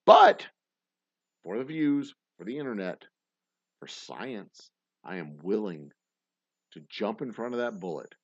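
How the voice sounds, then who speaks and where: Guy on a livestream, a bit slurred, talks fast, dull dry audio. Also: fairly low pitch, fairly bright tone, no echo. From Texas. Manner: fast-talking, rambling. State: tipsy, slurring. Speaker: livestream host. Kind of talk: casual livestream chat.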